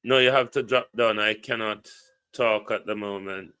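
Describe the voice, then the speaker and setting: A man's voice: fairly low pitch, fairly even intonation, moderate pace, pushed and bright, clear, resonant tone. A man with a Jamaican accent hosting a casual live stream, greeting viewers by name and reading out a contact number. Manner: reads out viewer names and a phone number, chats loosely. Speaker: livestream host. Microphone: phone or computer mic on a live stream.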